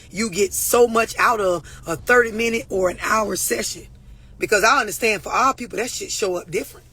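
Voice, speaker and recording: Woman coach, forceful husky voice, blunt and profane, lecturing viewers. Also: medium pitch. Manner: blunt, profane, preachy, addressing viewers directly. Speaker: relationship and mental health coach. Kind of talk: unscripted talk to camera.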